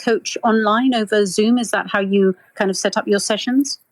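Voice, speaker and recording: Woman host, mid pitch, goes on a bit with her questions, dry close sound. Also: fairly even intonation, normal speed, no room sound, low-quality recording. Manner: long rambling questions with restarts. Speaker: interview host. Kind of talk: podcast interview.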